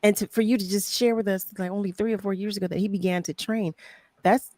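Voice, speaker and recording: A woman's voice: medium pitch, steady tone, fast talker, warm tone, no room sound. A woman hosting a live talk show, interviewing guests and greeting viewers by name in an effusive, chatty way. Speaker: host. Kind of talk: casual interview chat.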